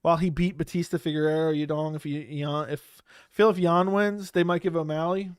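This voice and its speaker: A man's voice: fairly high pitch, fairly even intonation, normal speed, smooth, no room sound, clean studio sound. A man hosting a live stream, chatting casually and bluntly in loose slang while he reads out viewer comments. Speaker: livestream host. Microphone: studio microphone close up.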